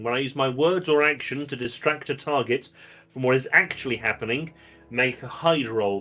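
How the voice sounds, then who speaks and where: A man's voice: mid-range voice, fairly bright tone. Chatty male tabletop player. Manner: chatty, works through dice rules aloud. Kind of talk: casual tabletop play.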